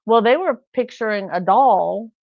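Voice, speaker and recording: Middle-aged lady rambling through funny stories on a live, bit of fry, dull dry sound. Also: mid-range voice, lively intonation, unhurried, no room sound. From California. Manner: chatty storytelling, acts out voices in anecdotes. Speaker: livestream host. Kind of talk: casual chat.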